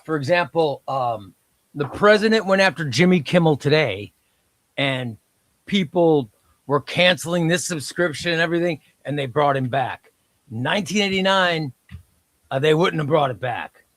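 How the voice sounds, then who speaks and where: Man, emphatic, insistent, casual panel chat, slightly high voice, dry sound. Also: expressive, normal speed, a bit bright, no room sound. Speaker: podcast co-host.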